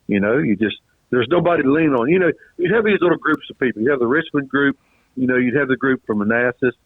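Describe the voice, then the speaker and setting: A man, a retired racer talking as an interview guest, rambling, repeating words and clearing a throat that is choked up with a cough. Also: mid-range voice, no room sound. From Virginia. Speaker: guest, retired race car driver. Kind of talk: casual interview storytelling. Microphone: phone call. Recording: tinny dry phone line.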